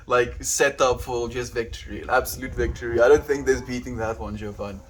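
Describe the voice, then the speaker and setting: A man streaming live, reading viewer chat aloud in a playful, giggly way and turning earnest and gentle when he reflects. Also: mid-range voice, steady tone, a little slow, hardly any pauses, soft background music, poor audio. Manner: playful and giggly, often laughing. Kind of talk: casual livestream chat.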